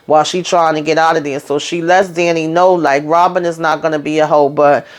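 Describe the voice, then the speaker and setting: Animated woman recapping a TV episode. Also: brisk. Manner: animated retelling, acts out quotes with rising pitch. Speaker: TV recap YouTuber.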